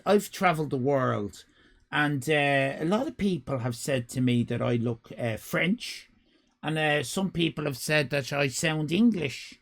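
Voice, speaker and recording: Gravelly Irish man ranting animatedly. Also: a little slow. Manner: animated comic ranting, swears freely, big pitch jumps. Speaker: live streamer reading chat. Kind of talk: casual live-stream chat.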